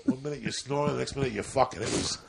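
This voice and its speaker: A man's voice: rapid-fire, creaky, over a noisy crowd. A man telling a rambling, profane story in casual podcast chat. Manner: profane, rambling, low-key. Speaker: podcast guest, comedian.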